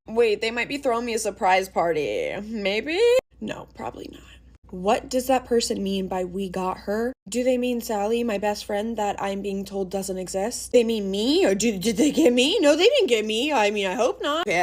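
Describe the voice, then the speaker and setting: A young woman casually narrating a dramatic first-person story, chatty and animated, acting out her own panicked lines. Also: medium pitch.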